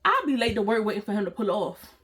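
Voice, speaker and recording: A woman's voice: medium pitch, very animated, fast, fairly bright tone, husky. A woman, dramatically telling a storytime vlog and talking straight to her viewers with slang. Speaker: storytime vlogger.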